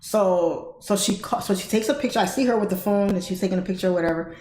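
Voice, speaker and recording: A woman's voice: medium pitch, fast talker, darkish tone. Chatty laughing woman telling a story. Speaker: trading livestream host. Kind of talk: casual storytelling. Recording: roomy echo.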